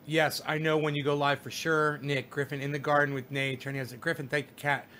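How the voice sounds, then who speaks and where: A middle-aged man hosts a casual livestream, reading viewers' comments and answering them at length. His high, bright voice keeps a level tone as he talks fast, rambling and swearing freely while lecturing the chat, with slight background noise.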